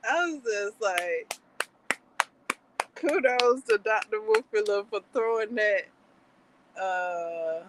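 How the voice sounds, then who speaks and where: Slow-talking, giggly woman streamer. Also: a little high, a little hiss or hum, poor audio. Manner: giggly, chatty, rambling with many fillers. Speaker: livestream host. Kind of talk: casual chat.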